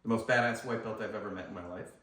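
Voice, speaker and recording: A man's voice: fairly low pitch, steady tone, fast talker, fairly bright tone. A man hosting and teaching self-defense, talking enthusiastically while he demonstrates moves. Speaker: self-defense instructor and host. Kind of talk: casual instructional demonstration. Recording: roomy echo, mic some distance away.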